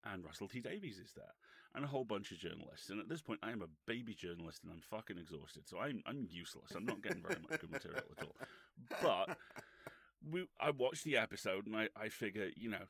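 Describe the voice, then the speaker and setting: A man's voice: fairly low pitch, animated, fast, creaky, fairly bright tone, husky, no room sound. A man, a podcast co-host, telling a rambling, sweary anecdote with wry humour.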